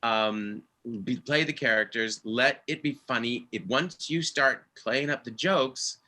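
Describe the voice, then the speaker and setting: A man who is an original cast member and director, earnestly telling a theater story on a video call, halting and restarting as he goes. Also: mid-range voice, pushed and bright. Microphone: video call microphone.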